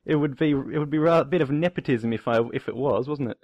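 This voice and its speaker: Man, podcast guest, deadpan humour, slightly muffled lo-fi sound. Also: medium pitch, fast talker. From Australia. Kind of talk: casual podcast chat.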